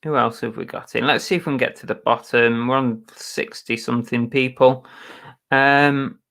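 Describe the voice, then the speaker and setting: A man's voice: medium pitch, steady tone, normal speed, creaky, sharp tone. A man hosting a casual live stream chat, greeting viewers by name in a chatty, self-mocking way with mild muttered curses.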